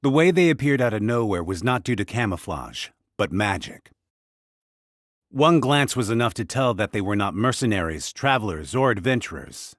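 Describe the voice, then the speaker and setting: A male narrator reading a fantasy web novel aloud, his pitch moving freely up and down. The voice sounds dry and close to the mic. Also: big pitch swings, normal speed, no room sound. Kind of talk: scripted audiobook narration.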